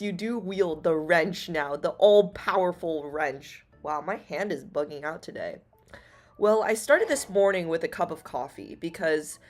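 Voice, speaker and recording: A woman VTuber streaming to her viewers, upbeat and chatty, her voice a bit worn from jet lag. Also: on the low side. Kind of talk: livestream chat with viewers.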